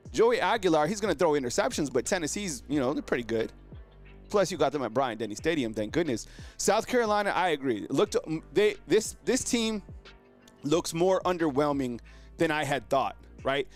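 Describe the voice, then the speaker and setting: A man hosting a live sports stream in a slangy, casual way, his voice sitting a bit high and leaping around as he gets excited. He keeps calling out to his viewers and piling on fillers. Faint music plays underneath. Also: moderate pace. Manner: animated, exclaims and addresses viewers as fam; slangy, filler-heavy delivery. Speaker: sports show host.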